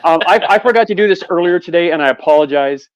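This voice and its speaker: A man's voice: high voice, quick pace, dry recording, lo-fi sound. A man from Canada chatting casually as a guest on a live beer stream, hesitant and apologetic with many restarts. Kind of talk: casual chat.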